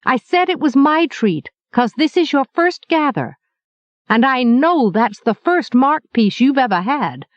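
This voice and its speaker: Woman doing a cheeky hungry apprentice boy, high and wheedling, dull lo-fi audio. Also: sing-song, unhurried, no room sound. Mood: eager.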